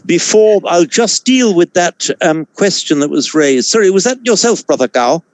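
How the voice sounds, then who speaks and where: A man teaching a Sanskrit class over a video call, explaining pronunciation in a measured way with frequent self-corrections. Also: high voice, lively intonation, dry recording. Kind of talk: online class lecture.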